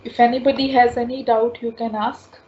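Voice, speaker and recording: A woman teaching French in an online class, slowly repeating sounds and explaining rules step by step. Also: on the high side, flat delivery. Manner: slow, repetitive, spells out sounds patiently. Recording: dull lo-fi class recording with faint noise.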